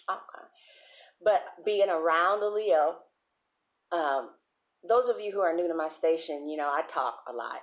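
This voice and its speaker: A woman tarot reader on a casual livestream, telling stories in a chatty, animated way with plenty of profanity. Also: low-pitched.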